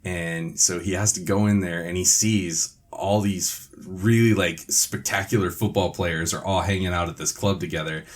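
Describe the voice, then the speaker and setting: A man's voice: sits low, steady tone, normal speed, hardly any pauses. A man co-hosting a casual podcast, swearing freely as he retells scenes. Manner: profane, laughing storytelling. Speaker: podcast co-host. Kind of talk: casual chat.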